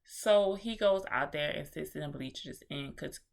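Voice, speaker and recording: Low-voiced woman doing a casual vlog movie review, chatty, slangy, swears a bit. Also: moderate pace, gravelly.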